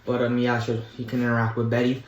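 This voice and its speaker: A man's voice: mid-range voice, completely flat delivery, fast talker, dull audio, slight background noise. A young man chatting casually as a vlogger, rambling and enthusiastic, with lots of filler words. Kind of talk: casual chat. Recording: echoey room.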